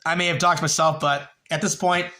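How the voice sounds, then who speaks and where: A man's voice: a little high, level tone, fairly quick, pushed and bright. A young man hosting a livestream, telling a long story in a rambling, profane way with many fillers, and a little tipsy. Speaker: livestream host.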